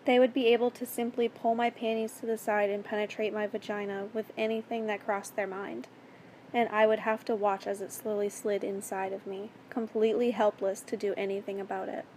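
A woman reading a first-person story aloud in a steady, earnest way. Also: medium pitch, fairly quick, a little hiss or hum. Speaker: story reader.

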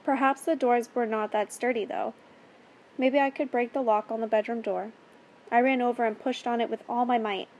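A woman narrating a first-person story in a steady, plain reading voice. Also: on the high side, moderate pace.

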